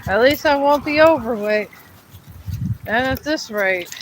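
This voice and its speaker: A woman's voice: high-pitched, expressive, a little slow, a little hiss or hum, low-quality recording. Weary woman coaxing her dog outdoors. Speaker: dog owner livestreaming a walk. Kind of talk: casual live vlog. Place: outdoors on a hilly street walk.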